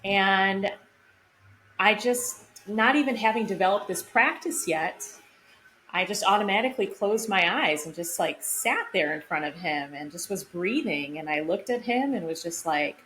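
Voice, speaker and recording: A woman's voice: medium pitch, animated, normal speed, fairly bright tone. A woman co-hosting a podcast, telling a personal story in an open, reflective way with lots of casual fillers. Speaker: podcast co-host. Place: home room, vacuum running outside the door. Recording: echoey room, faint background noise.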